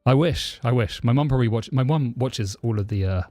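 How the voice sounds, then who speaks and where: A man's voice: medium pitch, a little fast, dry recording, soft background music. Chatty southern English man streaming live. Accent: southern English, close to received pronunciation but less posh. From southeast London, England. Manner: chatty, answers chat questions, thanks subscribers warmly. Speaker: livestreaming programmer. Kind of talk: casual live-stream chat.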